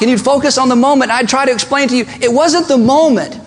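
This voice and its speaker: A man preaching a sermon, talking emphatically with slow, deliberate stresses and rhetorical questions. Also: very high-pitched. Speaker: pastor. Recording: long reverb of a large hall.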